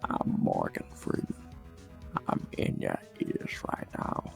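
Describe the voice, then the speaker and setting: A man doing a whispered role-play as a creepy deep-voiced male narrator, in a low, breathy whisper. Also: slow pace, soft background music, close to an everyday voice.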